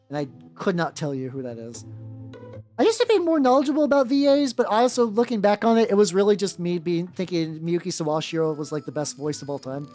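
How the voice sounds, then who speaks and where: A young adult woman, streaming as a VTuber, paints miniatures while chatting casually and rambling, swearing freely and saying "like" constantly. Her voice sits on the low side and sounds a little mellow, over faint background music.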